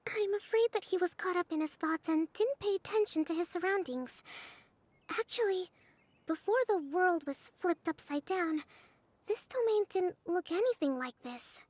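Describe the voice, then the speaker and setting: A woman voicing a calm young female priestess and strategist in a video game, speaking in a soft, measured, gentle way. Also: extremely high pitch, no echo.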